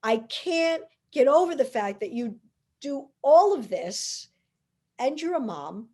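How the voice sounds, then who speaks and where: Halting, effusive woman host. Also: sits high, very animated, dark tone. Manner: halting, effusive, with many restarts. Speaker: podcast host. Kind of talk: casual interview chat.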